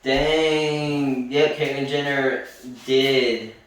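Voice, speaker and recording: A young man co-hosting a podcast chats in a loose, joking way and stretches words out for emphasis. His voice sits at an ordinary pitch. He sounds set back from the microphone in a boomy, echoing room. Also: steady tone, drawn-out words, a little hiss or hum. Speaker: podcast co-host. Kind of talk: casual chat. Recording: roomy echo, distant from the mic.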